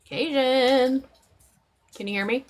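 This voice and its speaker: A woman's voice: high-pitched, takes it slowly. A woman hosting a casual live stream chat, rambling with many fillers and restarts.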